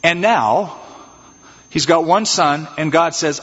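A man preaching an expository sermon as pastor, animated and acting out little scenes in changed voices. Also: on the high side, slow pace, husky. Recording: dull, reverberant church hall sound.

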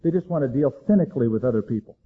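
A man preaching a sermon, dramatic, swinging between loud emphasis and hushed low lines. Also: expressive, rapid-fire, breathy edge, narrow, tinny audio. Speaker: pastor.

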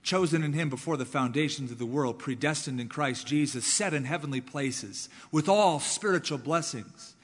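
A man preaching with force, repeating words to drive each point home. His voice sits a touch high and slightly husky. It carries the long reverb of a large sanctuary. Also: moderate pace, hardly any pauses. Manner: emphatic, repeats words for stress, shifts between loud and soft. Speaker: pastor. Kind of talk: sermon.

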